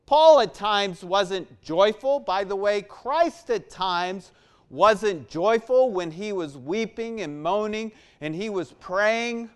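A man preaching a sermon, emphatic and deliberate, swinging between loud stressed phrases and quiet soft-spoken stretches. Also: sits high, expressive, clean tone.

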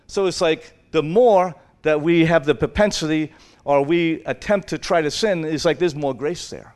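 A man's voice: a little high, normal speed, darkish tone. Man preaching in a chatty, rambling way. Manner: informal, rambling, acts out dialogues. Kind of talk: conversational Bible teaching sermon.

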